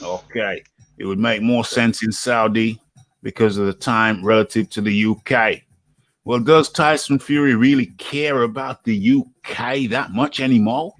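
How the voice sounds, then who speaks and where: A British man hosting a casual boxing chat, animated and laughing often, repeating his words as he goes. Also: mid-range voice, unhurried, dry recording. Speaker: host.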